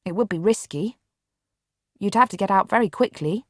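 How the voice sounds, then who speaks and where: A woman's voice: medium pitch, moderate pace, no room sound, studio quality, close to an everyday voice. Curt bedridden boy read by a woman. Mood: impatient. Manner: curt, exasperated. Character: bedridden boy, impatient and grudging. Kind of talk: audiobook character reading.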